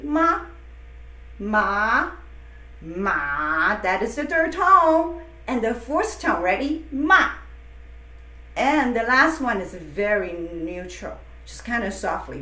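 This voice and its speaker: A woman's voice: high voice, a bit bright. A woman teaching a lesson, drawing words out and repeating them for learners. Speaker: Mandarin teacher. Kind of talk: slow classroom lesson. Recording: echoey room.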